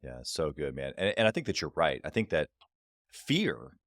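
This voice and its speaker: Deep-voiced reflective male podcast host. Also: moderate pace, no room sound, clean studio sound. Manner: reflective, affirming, animated at times. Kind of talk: podcast interview.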